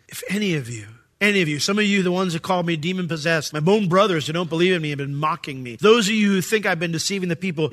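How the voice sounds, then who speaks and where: A pastor preaching to his congregation, a man with a somewhat high, bright and forceful voice. He delivers the sermon in an animated way and breaks into little acted voices for the figures in the scripture.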